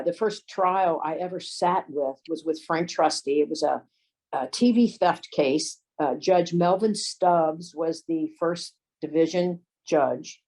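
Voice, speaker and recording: Older woman, low-pitched, relaxed raconteur recounting legal career stories. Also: rough recording. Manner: folksy anecdotes, acts out quoted voices. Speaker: lawyer and former detective. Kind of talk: storytelling interview.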